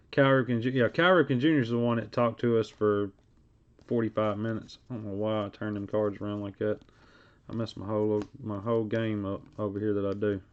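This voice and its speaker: A man hosting a live card break stream. He talks in casual, rambling asides and reads card names aloud as he goes. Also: lowish voice. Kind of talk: casual live-stream chat while opening card packs. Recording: dull lo-fi stream audio.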